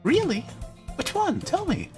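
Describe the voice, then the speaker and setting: A man's voice: very high-pitched, huge pitch swings, a little slow, faint music behind, voice pushed up, full character voice. A man voicing a bubbly, carefree teenage girl with an eager, sing-song manner in a live reading of a visual novel. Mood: cheerful.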